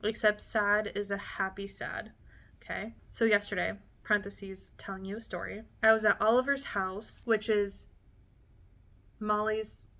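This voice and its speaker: A woman's voice: mid-range voice, level tone, measured pace, pushed and bright. A woman in her late twenties reading her teenage diary aloud, with chatty, giggly asides between entries. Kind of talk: casual diary reading with commentary.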